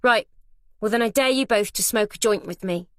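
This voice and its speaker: A woman's voice: medium pitch, normal speed, fairly bright tone, no echo, lightly acted. A cocky teenage boy who sneers and taunts, as a woman narrator voices him. He speaks with defiant bravado and a needling edge, and the recording is dry and close. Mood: daring. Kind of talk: audiobook character voice.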